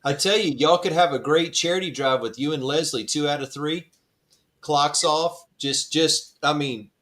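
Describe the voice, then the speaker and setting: A man's voice: on the high side, normal speed, fairly bright tone. A man hosting a podcast, chatting casually and saying "y'all", keen on the details of race cars. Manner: chatty, Southern "y'all", enthusiastic about cars. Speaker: podcast host.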